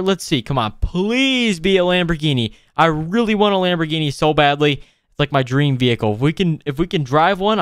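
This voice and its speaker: Excitable man narrating gameplay, smooth voice. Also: a little high, no echo. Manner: excitable, frequent exclamations, addresses viewers as boys. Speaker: gaming video host. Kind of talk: casual gameplay commentary.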